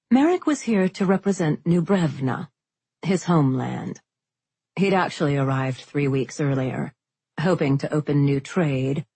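Woman reading a fantasy audiobook, low husky voice, dry close mic. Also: a little mellow, dry recording. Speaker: audiobook narrator. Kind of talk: scripted fantasy narration.

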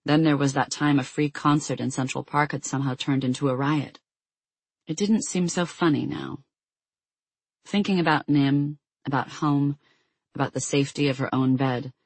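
An audiobook narrator tells the story in a steady, measured way. The voice is somewhat husky and sounds dry and close. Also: mid-range voice, dry recording.

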